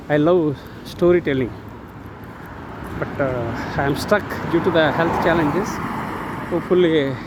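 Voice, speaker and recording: A man in his sixties with an Indian English accent gives a casual motivational talk outdoors, halting often on drawn-out fillers. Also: on the high side. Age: 60s. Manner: earnest, uplifting. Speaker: channel host. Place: outdoors near a road. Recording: outdoor traffic noise behind.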